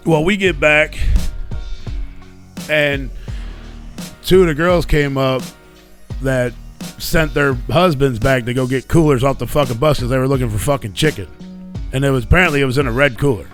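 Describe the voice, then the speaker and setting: A man hosting a live radio show, telling a story in a casual, profane, animated way and getting heated when he quotes himself. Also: mid-range voice, normal speed, pauses often, faint music behind.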